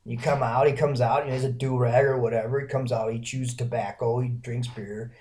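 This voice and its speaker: A man from Alabama in the American South rambles through a casual solo vlog, full of fillers and restarts. His mid-range voice is brisk and darkish with fairly even intonation, and there's a little hiss or hum.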